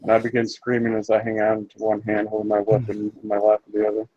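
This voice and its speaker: A man's voice: lowish voice, completely flat delivery, fast talker, faint music behind. Male player, unsure and rambling, muffled lo-fi sound. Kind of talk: casual tabletop play.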